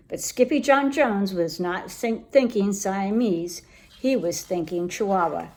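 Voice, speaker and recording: With a mid-range voice and a slightly slow delivery, a woman reads a kids' picture book aloud in a vivid, spirited storytelling style.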